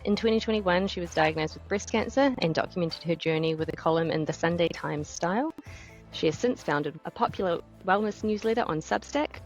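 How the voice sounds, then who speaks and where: Bubbly New Zealand woman with a gravelly low voice. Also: dull audio. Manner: bubbly, laughs often. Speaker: podcast co-host and life coach. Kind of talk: casual podcast chat.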